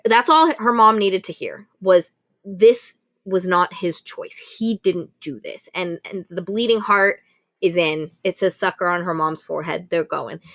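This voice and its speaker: A woman's voice: fairly low pitch, a bit bright. A woman co-hosting a book podcast, retelling a plot casually and animatedly, swearing and acting out quotes. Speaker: podcast co-host. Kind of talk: casual book review chat.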